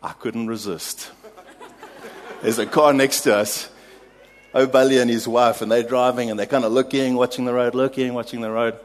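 A South African man preaching a sermon, telling a lively personal story and laughing at his own anecdotes before drawing a lesson. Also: medium pitch, normal speed. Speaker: pastor.

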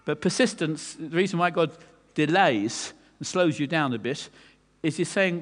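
A man's voice: fairly high pitch, expressive, normal speed, few pauses. Earnest preacher man in a reverberant hall. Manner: earnest, repeats words while preaching. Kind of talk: sermon.

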